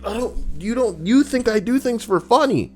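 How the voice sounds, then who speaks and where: A man's voice: very high-pitched, lively intonation, moderate pace, faint music behind. A man streaming live, chatting casually and joking with viewers, rambling and swearing. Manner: rambling, jokey, swears freely.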